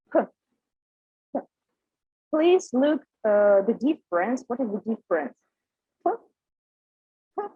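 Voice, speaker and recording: A young woman teaching a pronunciation lesson, speaking haltingly with many fillers. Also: fairly high pitch, darkish tone, slightly rough, no room sound. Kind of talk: recorded micro lesson. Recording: dry, dull lo-fi sound.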